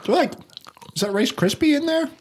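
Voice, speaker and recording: A man's voice: very high voice, expressive, fast, a little mellow, a little hiss or hum. A man co-hosting a podcast in casual chat, enthusiastic and swearing offhandedly. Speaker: podcast co-host.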